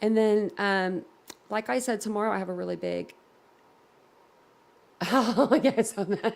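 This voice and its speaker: A woman's voice: mid-range voice, normal speed, vocal fry, long pauses. A woman hosting a casual live reaction stream, giggling constantly and laughing to tears. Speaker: livestream host. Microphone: computer at desk.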